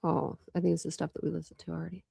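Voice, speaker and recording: A woman's voice: lowish voice, monotone, racing, vocal fry, warm tone, breathy edge, no echo, studio quality. A woman hosting a true crime livestream, chatting casually with viewers and thinking aloud with many restarts. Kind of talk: casual chat with live viewers.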